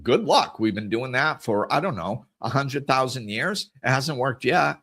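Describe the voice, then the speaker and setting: A middle-aged man's mid-range, somewhat bright voice carries lively intonation at a slightly slow pace. Hosting a podcast, he muses earnestly about scripture and the inner life, often restating and correcting what he says.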